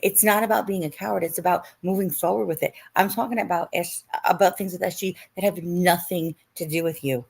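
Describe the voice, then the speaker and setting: A woman's voice: on the low side, fairly even intonation, a little fast, gravelly, few pauses, darkish tone, husky. A woman on a live stream defending herself in an argument, curt and swearing.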